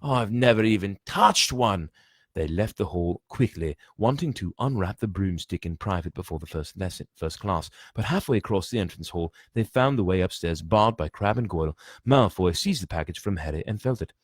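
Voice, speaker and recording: A man's voice: low-pitched, expressive, fairly quick, few pauses, slightly rough, dry recording, clean studio sound. A man reading a book aloud, often stumbling and restarting, with chatty asides. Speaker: reader.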